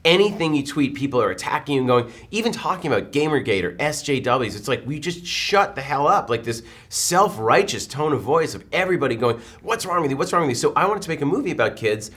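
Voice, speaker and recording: A man in his forties, a film director, telling stories in a press interview and acting out the quotes. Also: on the high side. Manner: animated, quick storytelling with acted-out quotes.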